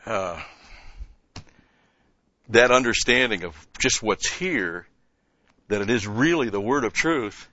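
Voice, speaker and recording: A man with a lowish, forceful voice gives a conversational Bible-study sermon, pushing his pitch and volume up on the points he wants to land and answering his own rhetorical questions. The recording is dull and lo-fi, with a dry, close sound. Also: animated, slow pace, long pauses, dry recording. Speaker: Bible teacher.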